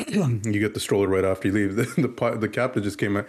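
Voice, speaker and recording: A man in casual chat, telling an animated story and acting out the exchanges he quotes. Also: lowish voice, fast.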